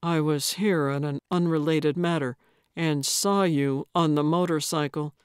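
Woman voicing stern male spook, lowered voice, curt commands, unhurried. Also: steady tone, clear, resonant tone, no room sound, clean studio sound. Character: terse male secret agent, gruff and stern.

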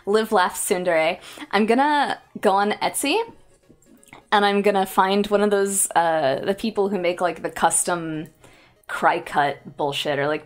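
A young adult woman streaming casual chat, sarcastic and rambling, laughing between jokes. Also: lowish voice. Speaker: VTuber streamer.

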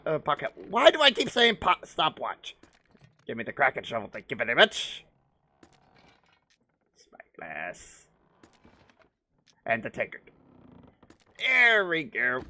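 A man's voice: mid-range voice, bright, forceful tone. A man casually commenting on his own gameplay while streaming, thinking aloud and poking fun at himself. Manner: chatty, thinks aloud, self-mocking. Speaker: game streamer.

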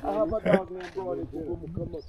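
A man's voice: a little high, level tone, unhurried, over a noisy crowd. A man on a casual outdoor walk, chatting in a laid-back way and agreeing easily. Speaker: guest vlogger. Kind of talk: casual chat. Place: outdoors in rural country. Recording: loud outdoor noise.

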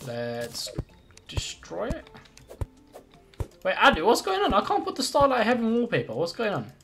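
A man's voice: high voice, wildly swooping pitch, moderate pace, vocal fry, a bit bright, soft background music. Chatty male streamer thinking aloud. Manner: chatty, thinks aloud, greets and thanks chat viewers. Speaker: live streamer playing a building game. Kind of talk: casual live-stream chat.

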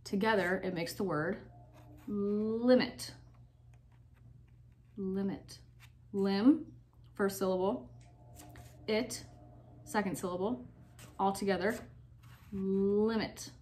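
Young woman teacher for a recorded phonics lesson; slow, patient delivery that sounds out syllables, mid-pitched. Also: a little mellow.

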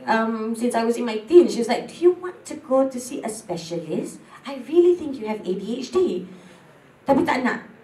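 A woman's voice: on the high side, lively intonation, normal speed, dark tone, echoey room, far from the mic, poor audio. A Malaysian woman talking candidly as a guest, moving between English and Malay. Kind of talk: casual talk show chat.

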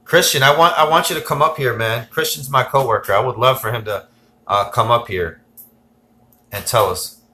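A man hosting a casual tech livestream. He rambles excitedly, reads viewer comments aloud and gives shout-outs. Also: medium pitch, moderate pace.

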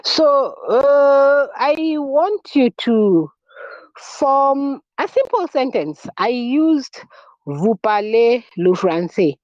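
A woman's voice: sits high, lively intonation, extremely slow, no room sound. A woman teaching a French class, repeating key words, spelling them out and quizzing her students. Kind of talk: classroom lesson. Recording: dull lo-fi recording.

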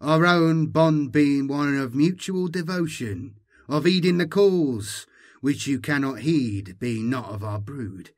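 A man's voice: a little high, slow pace, no echo, clean studio sound. A man voicing a mesmeric, commanding male cult leader who speaks in broken phrases.

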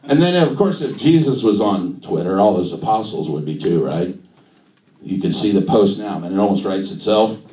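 A man's voice: sits low, lively intonation, moderate pace, warm tone. A man doing a stand-up set in a comedy club, wry and playful with his jokes. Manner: wry, playful, jokes delivered with shifting emphasis. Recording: roomy club sound, distant mic.

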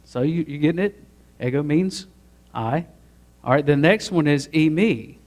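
A man's voice: on the high side, a little slow, darkish tone. A man preaching a sermon as pastor, asking the congregation to join in and building to emphatic peaks. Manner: preaching with rising emphatic build-ups and audience prompts.

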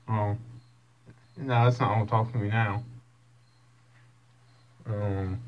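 A man's voice: on the low side, fairly even intonation, slow, pauses often. Man scolding his cats, stammering. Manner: scolding, teasing, stammering restarts. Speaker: cat owner talking to his cats. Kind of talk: casual talk to pets.

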